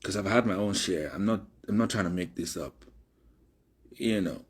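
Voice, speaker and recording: A very deep, husky male voice in casual commentary. He sounds earnest and reflective, and sometimes drops almost to a whisper. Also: normal speed.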